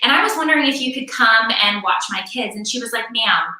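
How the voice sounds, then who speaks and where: A middle-aged woman performs stand-up comedy for a virtual show, her voice high-ish and very bright. She rants with sarcastic exasperation, piling up repeated words for the punchline. The sound is very echoey and comes from well away from the mic, as in a bare room at home. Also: fast, distant mic. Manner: sarcastic, exasperated ranting with repetition for effect.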